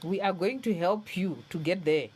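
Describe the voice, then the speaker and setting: A woman's voice: fairly low pitch, moderate pace, a little mellow, breathy edge. A woman hosting a live call-in stream, reassuring a caller and repeating her phrases for comfort. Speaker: host.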